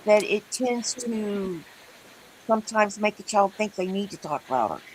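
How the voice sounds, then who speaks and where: A woman's voice: medium pitch, expressive, measured pace, over a noisy crowd, poor audio. A middle-aged woman telling stories in a casual chat with friends, emphatic and talkative. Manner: chatty storyteller, emphatic. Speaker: co-host.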